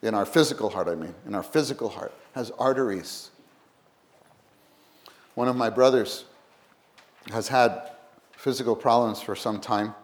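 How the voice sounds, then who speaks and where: A man preaching a sermon, animated, swinging from loud to hushed and acting out little quotes. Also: fairly low pitch, normal speed, pauses often.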